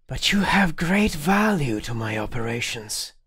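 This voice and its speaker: A man voicing a calculating male pegasus operative who speaks low and controlled. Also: very animated, unhurried, a bit bright, slightly rough, no room sound, studio quality, exaggerated voice. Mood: cold calm. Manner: low, controlled, matter-of-fact.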